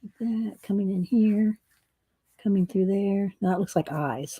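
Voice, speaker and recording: A woman's voice: medium pitch, a little slow, warm tone, breathy edge. A middle-aged woman hosting a casual art livestream from her home craft room, chatting to viewers as she works. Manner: chatty, talks to viewers while working.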